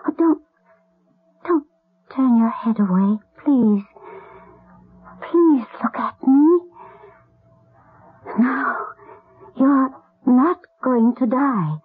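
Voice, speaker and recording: An actress playing a gentle noblewoman in a 1970s radio drama, husky and tearful as she pleads. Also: on the high side, sing-song, slow pace, pauses often, heavily acted. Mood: tearful pleading. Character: tender noblewoman mourning a lost son. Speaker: lady of the house. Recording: lo-fi old radio broadcast.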